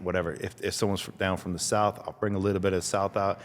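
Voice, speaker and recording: A man's voice: low voice, level tone, quick pace, long reverb tail. A man who is a guest on a talk show, chatting casually, rambling and restarting his sentences. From Canada. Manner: rambling, restarts sentences, mimics accents when quoting people. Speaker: podcast guest, artist. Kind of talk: casual chat.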